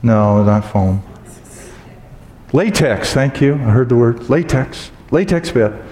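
A man preaching a sermon as pastor, telling stories with humor and acting out loud exclamations. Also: medium pitch, animated, takes it slowly. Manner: humorous storytelling, acts out exclamations. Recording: echoey hall with long reverb.

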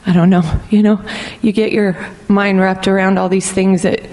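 A middle-aged woman recounts her testimony in an earnest, reflective way, taking her time over each thought. Her voice sits at an ordinary middle pitch for a woman. A long reverb trails behind her words, as in a large hall. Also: flat delivery, darkish tone. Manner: earnest, reflective, slow and deliberate. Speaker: speaker sharing a personal testimony. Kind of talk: testimony, personal storytelling.

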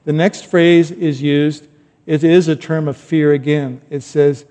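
A middle-aged man preaching a sermon in a relaxed, conversational way, with rambling asides and bursts of loud emphasis. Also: a little high, normal speed. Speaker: pastor. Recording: long hall reverb.

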